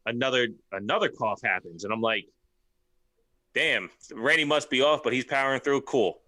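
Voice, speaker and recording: A man's voice: medium pitch, moderate pace, sharp tone. A man co-hosting a casual wrestling podcast, laid-back and rambling, swearing casually. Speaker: podcast co-host.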